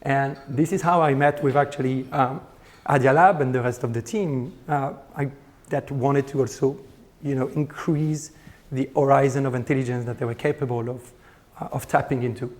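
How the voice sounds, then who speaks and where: A middle-aged man with a French accent, hoarse from a lost voice, giving an informal, conversational conference lecture as a guest speaker. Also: mid-range voice, fairly even intonation, normal speed, darkish tone.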